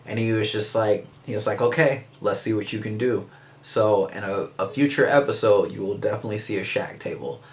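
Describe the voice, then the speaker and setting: A man's voice: fairly low pitch, a little fast. A man who is a memorabilia artist and show host, telling stories in an eager, rambling way full of restarts. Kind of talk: casual interview storytelling.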